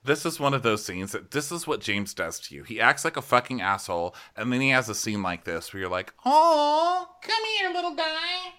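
A man's voice: a little fast, hardly any pauses. A man co-hosting a podcast, chatting casually and animatedly about a reality show, swearing freely. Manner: animated, slips into exaggerated high voices when quoting people; swears freely, laughs along. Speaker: podcast co-host. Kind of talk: casual recap chat.

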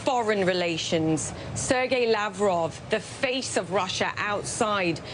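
A woman's voice: medium pitch, takes it slowly, noisy background. A female news anchor asking composed questions on a broadcast.

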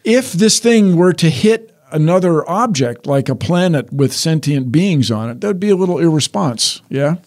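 A man's voice: a little high, animated, moderate pace, hardly any pauses, darkish tone. An older man explaining science in a casual chat, wry and explanatory, often restarting sentences. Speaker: science guest.

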